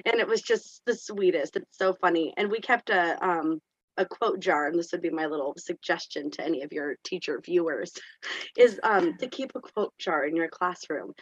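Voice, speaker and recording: A woman who teaches special education chats through a classroom story, animated and full of fillers. Her audio is dull and lo-fi. The sound is dry and close. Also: fairly low pitch, moderate pace, breathy edge, dry recording. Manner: chatty, animated retelling with many fillers. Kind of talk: casual storytelling in an interview.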